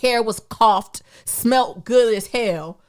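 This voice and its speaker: A woman's voice: a little high, slow. A woman from Detroit co-hosting a podcast, telling stories in casual, slangy chat and acting out quotes. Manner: animated storytelling, slangy, acts out quotes. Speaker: podcast co-host.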